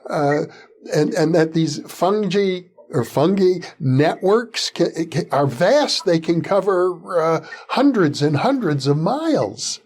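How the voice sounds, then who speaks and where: A male interview host with a fairly high voice talks slowly. He hesitates often, filling pauses with "uh" as he searches for his words. His questions wander before reaching the point. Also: expressive, darkish tone. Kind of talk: interview conversation.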